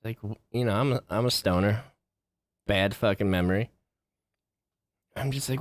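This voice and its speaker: A man's voice: lowish voice, normal speed, long pauses, no echo. A man vlogging in a casual, rambling monologue, swearing freely and getting worked up as he talks. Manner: profane, rambling, gets worked up.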